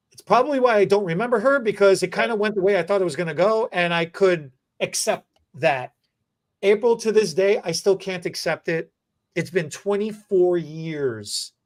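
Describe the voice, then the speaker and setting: Man, 40s, podcast host, halting and emotional storyteller. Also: sits high. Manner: halting, with many restarts and stammers, emotional. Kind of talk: casual storytelling.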